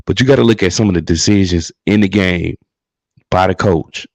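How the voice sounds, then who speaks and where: A livestream co-host rants heatedly and profanely about his team in casual sports talk, repeating himself over and over. His low-pitched voice is gravelly and darkish at a moderate pace, recorded with no echo.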